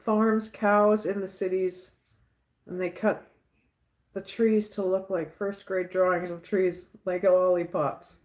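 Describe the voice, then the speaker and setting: Slow-talking woman host, chuckly. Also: mid-range voice, flat delivery, darkish tone, echoey room. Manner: chuckles often, repeats catchphrases. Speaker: livestream host. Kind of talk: casual livestream chat reading comments.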